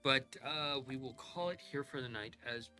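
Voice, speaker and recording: A man's voice: mid-range voice, moderate pace, faint music behind. A man acting as game master, recapping a tabletop session with lots of fillers before signing off. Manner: relaxed recap with many fillers.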